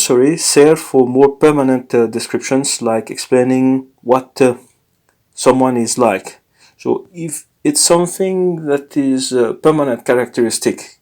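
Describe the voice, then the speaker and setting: Man teaching a lesson, halting and self-correcting. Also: medium pitch, darkish tone. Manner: unscripted, self-correcting, frequent fillers and restarts. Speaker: language teacher. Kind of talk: informal recorded lesson.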